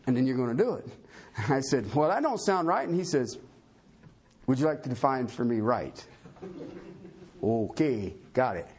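A man preaching a sermon as pastor, folksy and self-deprecating, full of rhetorical questions. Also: very high voice.

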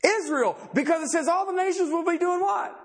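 A man's voice: very high-pitched, a little fast. A man preaching a sermon, talking conversationally and emphatically and firing rhetorical questions at the congregation.

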